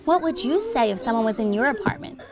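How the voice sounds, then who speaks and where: A woman teacher leading young children in a classroom, animated and full of praise. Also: on the high side, fast talker.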